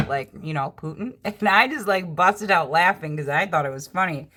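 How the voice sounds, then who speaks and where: A woman's voice: on the low side, animated, normal speed, bright, forceful tone, a little hiss or hum. A woman reading tarot cards in a casual vlog, chatting in a rambling way with a dry sense of humor. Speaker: tarot reader.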